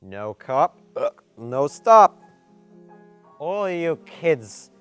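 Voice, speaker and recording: A tipsy wine-mom talk show host, played by a man, dishing out bossy, boozy advice in a live sketch. The delivery is slow and unhurried, with piano music clearly behind. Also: fairly high pitch, sing-song, a bit bright, no echo, heavily acted.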